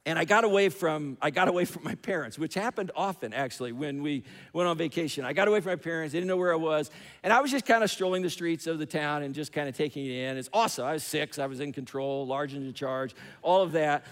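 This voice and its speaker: A man's voice: a little high, fast talker, fairly bright tone. A man preaching a sermon, telling a story with emphatic repetition, in a large church hall. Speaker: pastor. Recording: long hall reverb.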